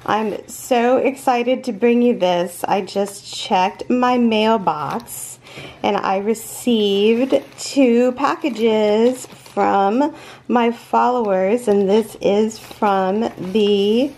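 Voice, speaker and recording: Gushing, gravelly-voiced woman crochet host. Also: fairly high pitch, extremely slow, rough recording. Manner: gushing, breathless, stammering with excitement. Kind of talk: excited unboxing vlog.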